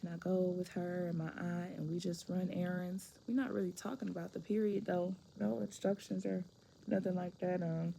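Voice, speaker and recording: A woman's voice: on the low side, fairly even intonation, normal speed, vocal fry, dark tone, a little hiss or hum. Candid woman telling her story. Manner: frank, conversational, restarts and repeats phrases.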